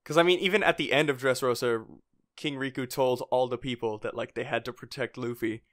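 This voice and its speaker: A man co-hosting a relaxed fan podcast, his voice at an ordinary middle pitch. He rambles loosely, leaning on fillers and breaking into small chuckles as he talks. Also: fairly quick. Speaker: podcast co-host. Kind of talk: casual fan podcast chat.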